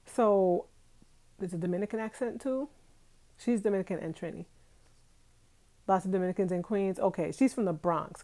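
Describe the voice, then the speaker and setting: A woman in her forties, originally from Brooklyn, talks into a handheld phone in a relaxed live chat with her viewers. Her voice is warm and mellow. She laughs easily and keeps answering comments as they come in. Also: lowish voice. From Brooklyn, New York. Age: 40s. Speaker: vlogger. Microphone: phone held in hand.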